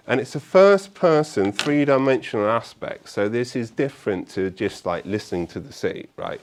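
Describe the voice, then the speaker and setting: A man speaking to an audience at a meetup, telling stories in a chatty, animated way with fillers and frequent tag questions. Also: medium pitch. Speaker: conference speaker. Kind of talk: live talk to an audience. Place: meetup event room.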